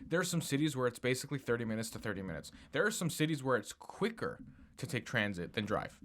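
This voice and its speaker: A man co-hosting a casual podcast, talking in animated bursts, swearing often and laughing. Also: medium pitch, fast. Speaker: podcast co-host.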